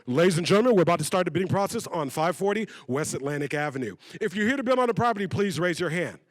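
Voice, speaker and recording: A brisk, loud auctioneer, as a speaker acts him out, calls bids in a high, dry voice. He announces each line with force. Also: lively intonation, dry recording. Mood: announcing. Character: brisk male auctioneer at a foreclosure sale.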